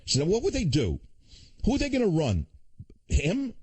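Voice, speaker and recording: An older man hosting a talk radio show, ranting fast with sarcastic asides. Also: high voice, wildly swooping pitch, darkish tone, breathy edge, no room sound.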